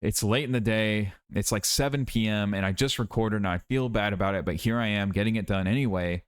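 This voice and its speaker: A man's voice: on the low side, a little fast, smooth. A tired young man rambling in a casual vlog monologue, self-critical and repeating himself. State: tired, worn out. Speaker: YouTuber.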